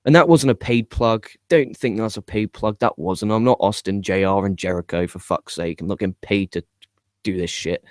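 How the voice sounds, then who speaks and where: A young man with an excitable manner, swearing often, stumbling and repeating words as he gives his opinions. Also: fairly low pitch, normal speed, no echo, studio quality. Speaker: wrestling podcast host. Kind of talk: casual video commentary.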